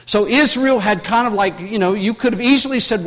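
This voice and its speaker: A man's voice: sits high, a little fast, few pauses, fairly bright tone, long reverb tail. A man preaching a sermon, telling a story with many restarts and rising in force when he drives home his point. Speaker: pastor.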